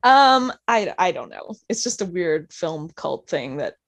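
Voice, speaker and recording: A woman's voice: lowish voice, big pitch swings, a little slow, fairly bright tone. A woman co-hosting a podcast, telling stories in a chatty, giggly way. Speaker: podcast co-host. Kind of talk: casual chat.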